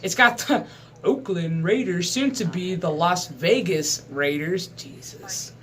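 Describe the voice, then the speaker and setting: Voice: medium pitch, slow pace, fairly bright tone. A channel host in a casual, rambling sports chat to camera, swearing freely and chuckling often.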